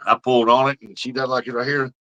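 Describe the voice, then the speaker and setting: A man's voice: mid-range voice, level tone, fast, bright, forceful tone, highs cut off. A middle-aged man, rambling through fishing stories as he chats with viewers on his livestream. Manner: folksy rambling storyteller. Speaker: livestream host. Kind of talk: casual chat with viewers.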